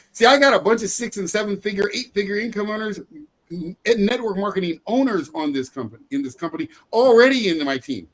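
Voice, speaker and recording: A man's voice: high-pitched, animated, a little fast. A middle-aged man giving a motivational sales training talk, emphatic and repetitive, often breaking into laughter.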